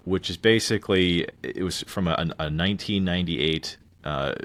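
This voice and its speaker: A man's voice: a bass voice, a bit bright, dry recording. A man in his thirties co-hosting a podcast, chatting casually about a film and rambling with frequent restarts. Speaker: podcast co-host. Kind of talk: casual movie review chat.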